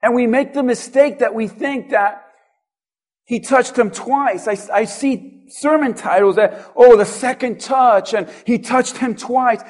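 A man pastor preaching a sermon in a church, building up with repeated lines and at times shouting. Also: very high-pitched, measured pace.

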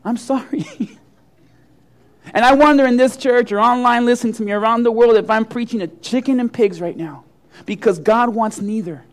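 High-voiced preaching man. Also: moderate pace. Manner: storytelling preacher, acting out voices. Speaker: pastor. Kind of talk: sermon.

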